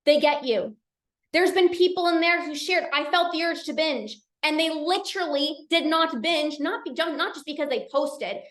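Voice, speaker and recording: A woman coach talking casually in a live session, energetic and chatty with many restarts. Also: high-pitched, moderate pace, reverberant. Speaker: binge eating coach hosting a live session. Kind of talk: casual live-stream talk.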